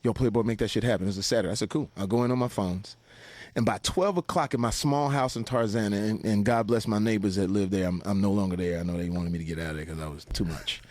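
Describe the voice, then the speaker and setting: A man telling stories in a casual, animated way, swearing freely, laughing often and acting out other people's lines. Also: on the low side, fast talker, slight background noise. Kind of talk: casual anecdotal storytelling.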